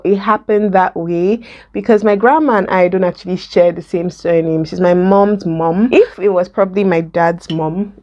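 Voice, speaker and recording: A young woman with a Nigerian accent telling a story in a casual vlog while doing her makeup, lively and laughing often. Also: fairly low pitch, lo-fi sound. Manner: animated, mixes in Pidgin and laughs. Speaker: vlogger.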